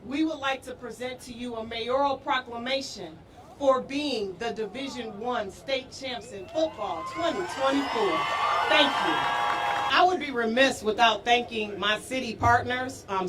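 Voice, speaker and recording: A woman, a deputy mayor giving an emotional, rousing outdoor speech that builds to shouting. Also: a little high, moderate pace, a crowd in the background. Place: outdoor rally at a school parade. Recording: distant outdoor news mic with street noise.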